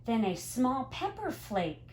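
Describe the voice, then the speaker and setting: A woman teacher reading a picture book aloud to young children, gently explaining words as she goes. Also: fairly high pitch, sing-song, slow pace, slight background noise. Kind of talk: storybook read-aloud to children.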